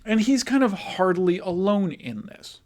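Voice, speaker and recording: A man's voice: sits high, big pitch swings, a little slow, a little mellow. A young man giving a recorded history lecture, casual and thinking aloud, with many fillers and self-corrections. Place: in front of a backdrop image.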